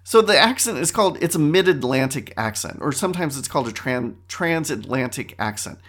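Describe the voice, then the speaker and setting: A man's voice: medium pitch, animated, brisk, a bit bright, soft background music. A middle-aged man hosting a casual, rambling monologue, talking conversationally and often correcting himself. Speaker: host.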